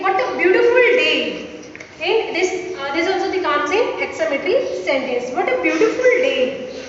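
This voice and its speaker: Woman, Indian English accent, teacher, high pitch, long hall reverb, repeats examples. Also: fairly bright tone. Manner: repeats each example slowly, fillers, switches into Hindi. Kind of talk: classroom grammar lesson. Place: classroom with a board. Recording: echoey hall, dull lo-fi sound, faint hiss.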